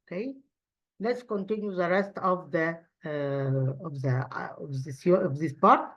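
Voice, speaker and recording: Teaching English grammar, a woman whose native tongue is Arabic slowly repeats example sentences, often pausing with fillers and starting over. Her pitch is on the low side, and the sound quality is lo-fi.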